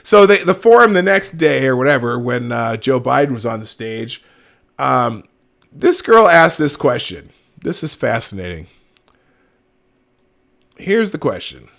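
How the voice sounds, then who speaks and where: A man's voice: mid-range voice, sing-song, a little slow, gravelly, pauses often, a bit bright. A middle-aged man hosting a live show, giving emphatic commentary with laughs. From Minnesota, United States. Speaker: host. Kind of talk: animated commentary.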